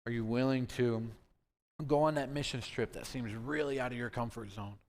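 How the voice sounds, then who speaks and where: A man's voice: medium pitch, normal speed, a little mellow. Brief: male youth pastor, casual sermon voice, presses the listeners with questions. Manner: conversational, many rhetorical questions.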